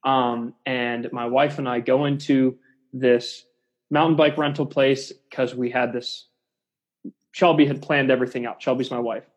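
A man's voice: medium pitch, level tone, a little slow, slightly rough. A man, a CrossFit coach, chatting casually and telling a rambling story with lots of restarts. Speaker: CrossFit coach, podcast guest. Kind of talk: casual chat.

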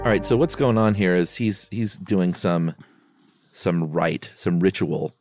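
A man chatting casually, summing up a story in a relaxed way. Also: low voice, unhurried, music in the background. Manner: relaxed, sums up plot, laughs. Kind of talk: casual chat.

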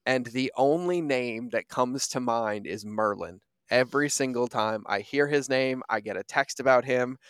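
A male podcast host with a smooth, resonant voice pours out effusive praise and casual, filler-laden questions. His pitch sits mid-range, and the sound is dry and close. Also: normal speed, hardly any pauses, dry recording. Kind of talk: casual conversation.

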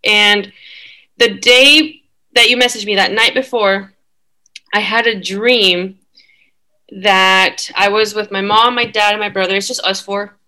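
A woman's voice: medium pitch, fairly even intonation, a little slow, pushed and bright, smooth. A young woman guest telling a personal story in casual chat, full of fillers. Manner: chatty, many fillers.

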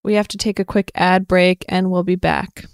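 A woman's voice: lowish voice, level tone, moderate pace, no room sound, clean studio sound. A woman co-hosting a podcast, chatting casually and teasing. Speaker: podcast co-host. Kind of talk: casual chat.

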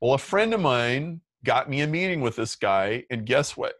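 A man's voice: medium pitch, expressive, moderate pace, a bit bright, no room sound. A middle-aged man telling stories as a guest in an interview, talking casually with many "like" fillers. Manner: chatty, lots of "like" fillers. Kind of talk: casual storytelling.

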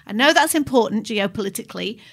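A woman's voice: on the high side, animated, fast, a bit bright. A woman co-hosting a casual podcast, speaking with emphatic, impassioned conviction. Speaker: podcast co-host.

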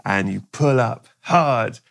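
A man's voice: medium pitch, takes it slowly, vocal fry, fairly bright tone. A man hosting a podcast, spinning absurd comic stories and acting out voices. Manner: playful, spins absurd scenarios, acts out voices. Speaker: podcast host. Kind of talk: comic improvised storytelling.

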